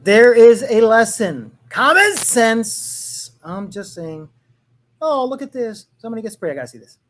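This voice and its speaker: A man's voice: extremely high pitch, very animated, normal speed, over music. A man hosting his own podcast, giving casual political commentary in a sarcastic, mocking way, swearing freely and tossing jokey asides into what he reads aloud. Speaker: podcast host.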